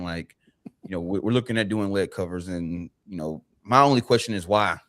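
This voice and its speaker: A man, co-hosting a casual podcast, animated and swearing freely while he stumbles through restarts. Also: fairly low pitch, quick pace. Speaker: podcast co-host.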